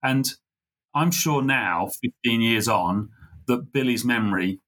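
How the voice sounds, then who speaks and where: A man's voice: mid-range voice, a bit bright. Earnest middle-aged man telling a story. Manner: earnest, halting, full of fillers and restarts. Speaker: guest. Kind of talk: conversational storytelling.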